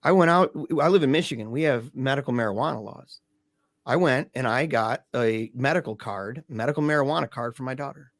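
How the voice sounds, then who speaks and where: A man's voice: mid-range voice, fairly quick, no echo, clean studio sound. A man telling a painful family story in casual talk as a podcast guest, emphatic and peppered with dude and man. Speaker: podcast guest, grieving father. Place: lives in Michigan.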